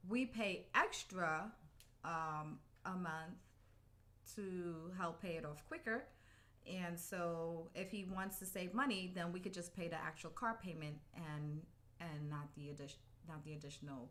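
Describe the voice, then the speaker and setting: A woman's voice: on the low side, a bit bright. A woman co-hosting a casual podcast with her husband, telling a story in a chatty, laughing way. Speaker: podcast co-host. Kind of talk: casual couple's podcast chat.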